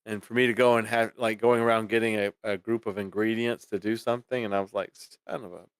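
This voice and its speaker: Dude with a smooth lowish voice, kinda exasperated and wry, reading chat on a stream. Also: male voice, flat delivery, fast talker, no echo, studio quality. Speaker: podcast co-host reading chat. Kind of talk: casual chat on a live stream.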